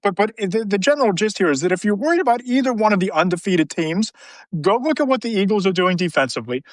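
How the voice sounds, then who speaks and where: A man hosting a casual sports podcast, talking briskly with lots of restarts and fillers. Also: sits high, lively intonation, no echo, low-quality recording. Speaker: podcast host. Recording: dry close sound.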